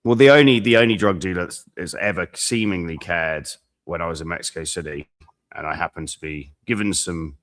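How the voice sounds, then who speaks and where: Man, very deep voice, bright forceful tone, joking podcast co-host. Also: fairly quick. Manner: animated storyteller, laughs at own jokes. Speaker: dating coach podcast co-host. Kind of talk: casual podcast chat.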